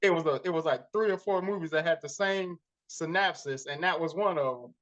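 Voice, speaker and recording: A man co-hosting a casual movie podcast, animated and often laughing. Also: on the high side, brisk. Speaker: podcast co-host. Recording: dull lo-fi podcast audio.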